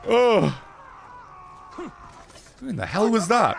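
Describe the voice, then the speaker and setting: A man giving live commentary on a video game. He is excitable and sweary, often shouting or laughing, and his lively voice has a gravelly edge and sits a bit high. Game noise fills the mix. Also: slow pace. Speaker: gaming streamer.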